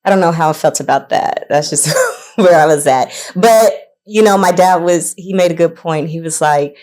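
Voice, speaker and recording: A woman's voice: sits low, normal speed, darkish tone. A woman co-hosting a podcast in casual chat, moved and sometimes choked up as she talks. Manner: emotional, chokes up while speaking. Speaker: podcast co-host.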